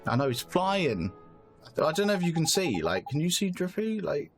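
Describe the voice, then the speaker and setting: A man's voice: on the high side, sing-song, normal speed, soft background music. A man casually commenting on a game he is playing, musing and thinking aloud. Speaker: gamer streaming a playthrough.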